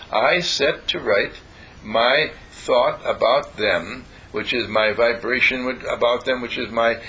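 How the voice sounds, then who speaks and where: Man, spiritual teacher, bright clear tone, calm and repetitive, faint low rumble behind. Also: rough recording. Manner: calm, repetitive, gently instructive. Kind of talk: guided affirmation talk.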